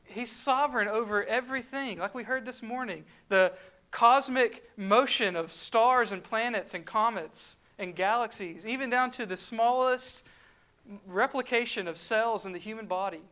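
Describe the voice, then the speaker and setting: A woman's voice: fairly high pitch, moderate pace, fairly bright tone. Woman preaching in a conversational sermon. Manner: conversational preaching with rhetorical questions and emphatic asides.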